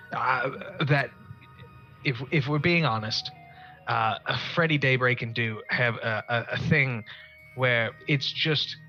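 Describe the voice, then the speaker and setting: A man playing a tabletop game, speaking in character with rambling, deadpan talk. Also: medium pitch, dull audio. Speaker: player. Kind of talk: in-character tabletop role-play.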